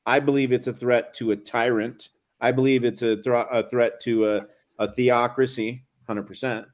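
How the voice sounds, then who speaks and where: A man's voice: mid-range voice, steady tone, normal speed. Assertive man hosting a video call. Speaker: host. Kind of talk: casual discussion on a live video call.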